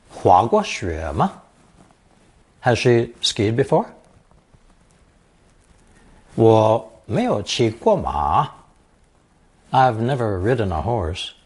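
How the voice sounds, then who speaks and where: A man teaching a recorded language lesson, explaining example phrases slowly and carefully. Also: fairly low pitch, breathy edge. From lives in Taiwan.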